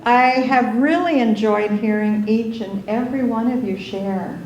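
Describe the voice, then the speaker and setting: A woman speaking as an aunt at a memorial gathering, gentle and measured. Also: fairly high pitch, reverberant, dull audio, background noise. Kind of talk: informal memorial tribute.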